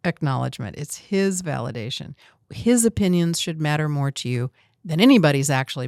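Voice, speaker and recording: A woman's voice: deep voice, lively intonation, fairly quick, a little mellow, no room sound, clean studio sound. A woman hosting a coaching talk, direct and emphatic, teasing her guest now and then. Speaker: host and coach. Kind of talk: coaching conversation.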